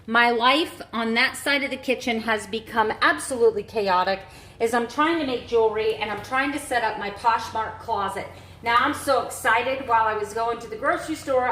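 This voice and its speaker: A woman rambles through a casual day-in-the-life vlog, making friendly asides to her viewers as she unpacks in her kitchen. Her voice sits a little high, and the room around her sounds roomy and echoey. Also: moderate pace, fairly bright tone, slight background noise. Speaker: vlogger. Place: home kitchen.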